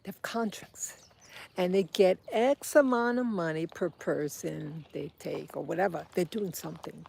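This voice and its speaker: A woman giving an angry political monologue, halting, with pauses and restarts, recorded outdoors. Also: on the low side, vocal fry, a little mellow, breathy edge. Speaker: vlogger.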